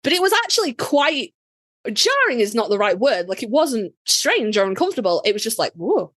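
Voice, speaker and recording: A woman from Yorkshire, England, speaks with a Yorkshire accent as a podcast co-host, telling a story in casual chat, swearing freely and acting out quotes. Her voice sits on the high side with big pitch swings, a fairly quick pace and a slightly bright tone, and there's no room sound.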